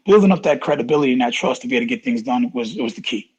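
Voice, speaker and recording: Racing along in a slightly rough, mid-range voice, a middle-aged ex-pro football player spins stories as a podcast guest. Animated and emphatic, he repeats himself for effect and acts out what people said. It's casual interview storytelling on a rough recording.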